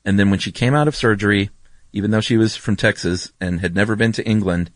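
Low-voiced man in relaxed podcast chat. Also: fast talker, no room sound. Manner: relaxed, rambling, lots of ums and asides. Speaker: podcast co-host. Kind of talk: casual chat.

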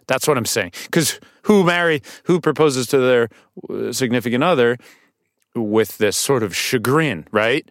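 A man guesting on a podcast as an actor, telling stories casually in a studio, animated and swearing now and then. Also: medium pitch, unhurried, no room sound. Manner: animated storytelling with restarts and swearing.

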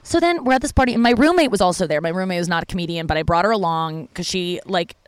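A stand-up comedian, this woman talks fast in a clean tone with no room sound, telling a personal story as a casual monologue. She is candid and profane, full of "like" fillers, and grows animated with big pitch jumps when quoting people.

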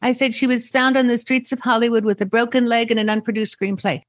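A woman's voice: fairly high pitch, flat delivery, fast. An older woman, a comedian and author, chatting in an interview with a dry, joking delivery. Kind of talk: casual interview chat.

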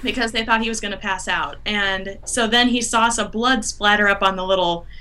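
A woman's voice: mid-range voice, moderate pace, pushed and bright, smooth. A woman co-hosting a casual chat show, telling a family story in a matter-of-fact way. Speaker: co-host.

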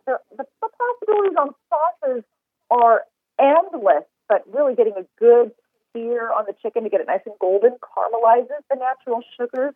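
A woman's voice: fairly high pitch, breathy edge, no room sound. Upbeat woman chef over a phone line. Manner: enthusiastic, talks fast in long run-on explanations. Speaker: chef and recipe developer. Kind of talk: casual podcast interview. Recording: tinny phone line, dry.

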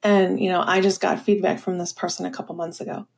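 A woman's voice: on the low side, little pitch movement, fast, vocal fry. A woman leadership coach telling stories in a podcast interview, with many fillers like "you know" and "um".

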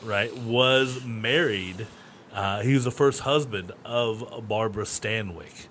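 Laid-back male co-host, low-ish voice, jokey, faint background noise. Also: slow pace, a bit bright. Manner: easygoing, jokey banter. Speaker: podcast co-host. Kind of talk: casual comedy podcast chat.

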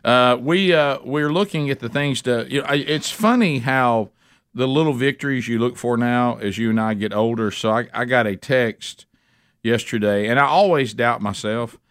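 A man's voice: mid-range voice, normal speed, no room sound, clean studio sound. Laid-back man telling stories. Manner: storytelling, animated when quoting himself. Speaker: radio show host. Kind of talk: casual chat.

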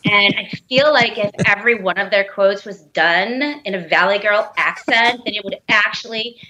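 A wry, playful woman co-hosting a radio panel. Her voice is bright and sharp, and the recording sounds a bit dull and lo-fi. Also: medium pitch, moderate pace. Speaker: co-host. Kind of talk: casual panel chat.

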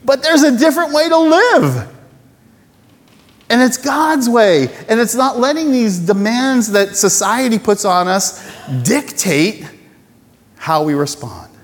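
Animated male pastor in an echoey hall. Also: extremely high pitch, slow. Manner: lively, conversational, self-deprecating, acts out little voices. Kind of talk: sermon.

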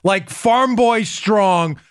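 A man's voice: high voice, very slow, clear, resonant tone, no echo, clean studio sound. A man hosting a podcast, talking in a mocking, sarcastic way during casual commentary. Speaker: podcast host.

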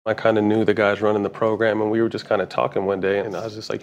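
Casual interviewee: middle-aged man, quick slangy talker, low-ish voice. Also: flat delivery, slight background noise. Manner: slangy, repeats words while talking. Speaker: interviewee, former pro basketball player.

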